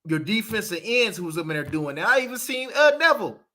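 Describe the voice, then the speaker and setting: Man, sports show host, emphatic casual football talk, fairly high voice. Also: fast. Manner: animated, emphatic, repeats points.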